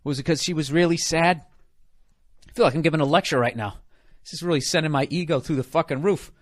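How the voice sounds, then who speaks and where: Middle-aged us guy on a comedy podcast, blunt and sweary, kinda high voice. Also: fast talker. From United States. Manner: blunt, profane, sarcastic. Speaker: podcast host.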